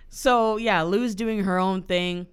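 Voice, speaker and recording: A man's voice: sits high, slow, smooth. A man co-hosting a podcast, telling a story in casual chat, swearing constantly and acting out the characters. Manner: animated storyteller, swears a lot, acts out characters. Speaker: podcast co-host.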